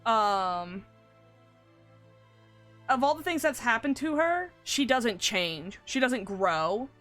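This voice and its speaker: Animated swearing woman streamer. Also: on the high side, takes it slowly. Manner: animated, swears, laughs often. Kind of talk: casual live-stream chat. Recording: faint game music behind.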